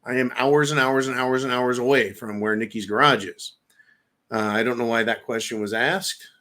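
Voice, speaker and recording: A man's voice: mid-range voice, steady tone, normal speed, pushed and bright. A man hosting a livestream and answering viewer comments. He talks in a blunt, rambling way, swears freely, and stacks up long lists. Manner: rambling, with lists and repeated words. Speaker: livestream host. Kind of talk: live chat commentary, reading viewer comments.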